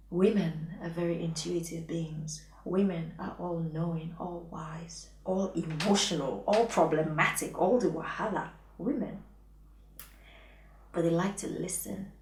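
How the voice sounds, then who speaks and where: A woman's voice: on the low side, darkish tone. A woman giving frank, playful intimacy advice as a coach, often dropping into a whisper. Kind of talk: advice vlog talking to camera. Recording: echoey room, voice distant from mic.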